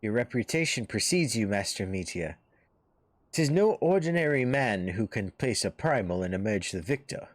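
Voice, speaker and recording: An earnest male officer of a forest order, done by a man reading a game aloud. He rallies in a solemn, lowish voice. The recording is dry and close. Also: expressive, normal speed, no echo. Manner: solemn, rallying.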